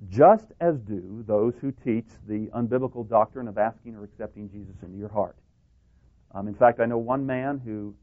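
Emphatic male preacher on tinny tape. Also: fairly low pitch. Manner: emphatic, building to stressed pleas. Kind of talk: sermon. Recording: tinny phone-like tape recording.

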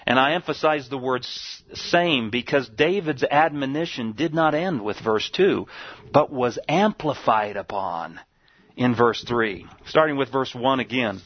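Male preacher, mid pitch, deliberate sermon delivery, lo-fi dry recording. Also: no echo. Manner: slow emphatic scripture quoting, some restarts. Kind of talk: sermon with scripture reading.

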